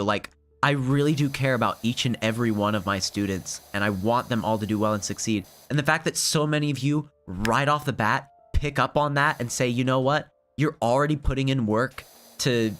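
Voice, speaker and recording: A man's voice: mid-range voice, a bit bright. Earnest young man streaming, faint music. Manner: emotional, earnest, laughing and choking up. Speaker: teacher streaming a game. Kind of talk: casual live-stream chat.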